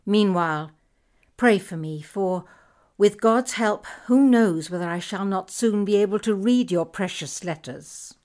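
A woman reading a story told in letters aloud, expressive and measured. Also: medium pitch. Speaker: audiobook reader. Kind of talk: scripted narration of letters.

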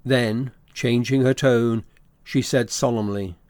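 A man narrating a classic novel as an audiobook, with a steady, even storytelling delivery. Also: mid-range voice, takes it slowly, smooth, no echo.

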